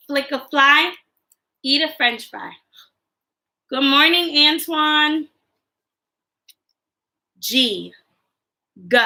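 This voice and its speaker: A woman teaching young children on a livestream, leading a sing-song alphabet warm-up. Her voice is high and bright, and she takes her time, acting out each word with playful sounds. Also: animated, very slow, pauses often. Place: home livestream.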